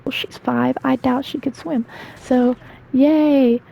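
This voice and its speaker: A woman's voice: sits high, steady tone, moderate pace, vocal fry, darkish tone, lo-fi sound, a little hiss or hum. A woman in her twenties, rambling through casual stories with lots of fillers while she plays a game. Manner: chatty, rambling with fillers and asides. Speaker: gaming storyteller. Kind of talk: casual storytelling while gaming.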